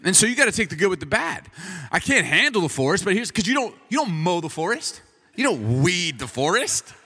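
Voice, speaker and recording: A man in his forties, a pastor, telling a funny story in a sermon in an animated, self-mocking way. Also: high voice, fairly quick, slightly rough, big-room sound.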